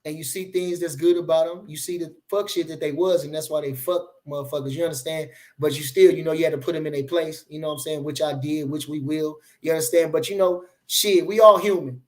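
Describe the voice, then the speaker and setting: A man's voice: a little high, fairly even intonation, a little fast, few pauses, a little mellow. Rambling, profane man hyping a fight. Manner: rambling and repetitive, profane hype talk. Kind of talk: casual livestream chat reading comments.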